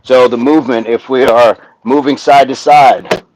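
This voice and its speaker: A man hosting a live workout stream, counting reps aloud in steady pairs and joking with the viewers who are following along. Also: mid-range voice, moderate pace, background noise.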